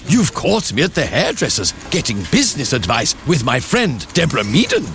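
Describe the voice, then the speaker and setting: An actor playing a cheerful, chatty genius scientist in a radio advert. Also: male voice, medium pitch, wildly swooping pitch, normal speed, fairly bright tone, faint music behind.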